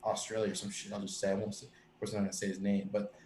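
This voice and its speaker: Rambling low-voiced man in an echoey room. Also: level tone, rapid-fire, a little mellow. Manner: rambling, profane, many restarts and fillers. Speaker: live stream co-host. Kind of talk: casual chat. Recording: echoey room with faint ambient noise.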